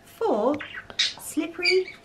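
A woman's voice: extremely high pitch, expressive, drawn-out words. A woman, the vlogger's mother, talking in a dry, teasing way off to the side. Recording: noisy room recording.

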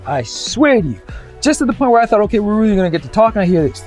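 A man's voice: high voice, racing, loud music behind the voice. A young man from Canada telling a comic story and acting out the people in it. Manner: animated, acts out the people in his stories.

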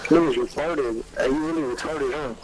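A man's voice: fairly high pitch, a little fast, heavy background noise. A man trash-talking another player over game voice chat in a taunting, insulting way. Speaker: online player.

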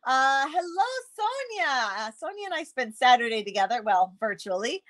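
A woman's voice: high-pitched, big pitch swings, normal speed, a bit bright. A woman hosting a live crafting stream, chatty and bubbly, greeting viewers by name and laughing often. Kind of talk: casual live-stream chat.

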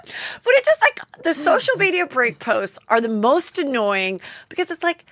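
A woman's voice: high voice, huge pitch swings, normal speed, fairly bright tone, no echo. A woman hosting a podcast, chatting about celebrity gossip in a rambling way with lots of fillers and self-corrections. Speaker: podcast host. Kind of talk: casual gossip chat.

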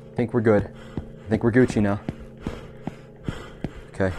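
A man's voice: fairly low pitch, steady tone, measured pace, long pauses, noisy background. A man giving jokey, profane commentary while playing a horror game, nervous and talking to himself. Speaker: gamer.

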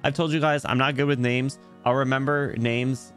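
A man's voice: mid-range voice, steady tone, normal speed, a bit bright, faint music behind. A young man streaming a video game, rambling and joking with his chat while he plays. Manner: rambling, jokey, talks to chat while playing. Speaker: VTuber streamer. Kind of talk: casual gaming livestream chat.

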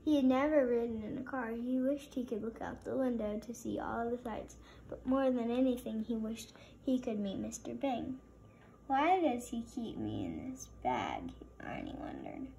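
A woman reading a children's story aloud in a gentle, expressive way. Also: fairly high pitch, moderate pace, vocal fry, a little hiss or hum. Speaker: storybook reader.

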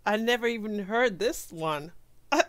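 A woman hosting a casual reaction video, gushing and emotional, with sighs and breathy asides. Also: mid-range voice, lively intonation, normal speed.

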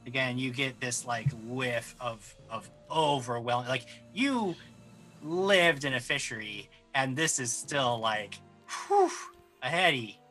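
A man with a bright, forward voice narrating as game master of a tabletop game. He paints each scene in vivid detail and laughs easily with his players. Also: medium pitch, lively intonation, slow pace, faint music behind.

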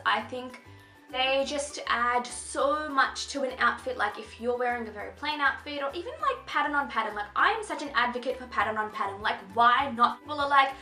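A fashion vlogger, a young woman with a high, bright voice, chats bubbly and excited through a casual clothing haul. The room echoes around her, and soft music plays in the background.

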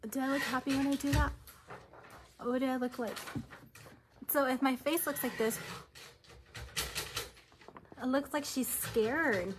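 A woman teaching a recorded preschool lesson, speaking slowly and patiently with lots of simple questions. Her voice sits fairly high. The recording carries clear background noise and clicks. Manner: slow, patient, questioning tone for small children. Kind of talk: recorded classroom lesson for young children.

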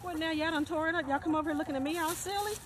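A woman's voice: extremely high pitch, rapid-fire, background noise. A woman in a casual vlog, scolding her chickens in an exasperated, chiding way in an outdoor backyard garden, filmed on a phone. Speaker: backyard homesteader.

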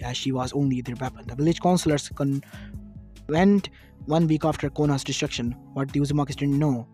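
A man's voice: medium pitch, darkish tone. A man reading a fan fiction story aloud as narrator, plainly, with occasional slips and restarts.

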